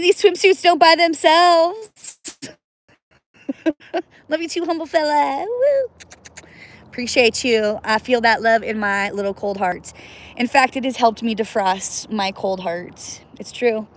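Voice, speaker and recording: A woman casually chatting on a livestream from outdoors by cold water, playful and laughing often, whooping now and then. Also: high voice. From US Northwest. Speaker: livestream host.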